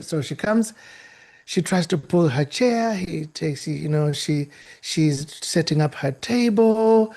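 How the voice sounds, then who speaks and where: Male guest speaker, high and gravelly, animated storyteller. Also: takes it slowly. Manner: animated, acts out the people in the story; restarts and repeats himself for effect. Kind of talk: storytelling talk.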